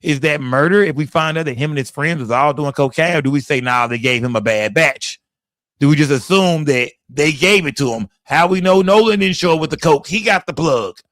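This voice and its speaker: Texan livestream host, drawl, fairly high voice, loose and profane, close dry mic. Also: male voice, fairly bright tone, dry recording. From Texas. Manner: loose, profane, talks straight to chat. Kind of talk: casual livestream commentary.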